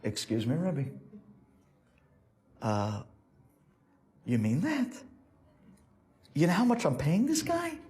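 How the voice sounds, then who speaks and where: A man's voice: fairly high pitch, very animated, normal speed, a little mellow. A man playing a middle-aged businessman on trial who pleads in exasperation. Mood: exasperated.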